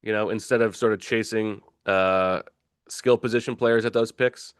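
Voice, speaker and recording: A man's voice: fairly low pitch, steady tone, moderate pace, clean tone, dry recording, clean studio sound. A man talking sports as a guest on a casual show, opinionated, often restarting his sentences.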